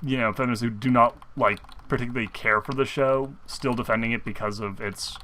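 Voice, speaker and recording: A young man with a bright, clear-toned voice chats casually as co-host of a fan show. He rambles, circling back with fillers and restarts, at a middling pitch for a man. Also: steady tone, brisk, slight background noise. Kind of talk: casual chat.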